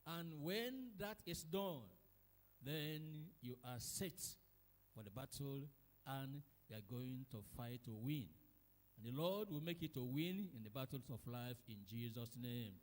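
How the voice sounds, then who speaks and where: A man's voice: medium pitch, expressive, unhurried, big-room sound. A Nigerian man preaching a sermon in church, emphatic and acting out quarrels in quoted voices. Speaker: pastor.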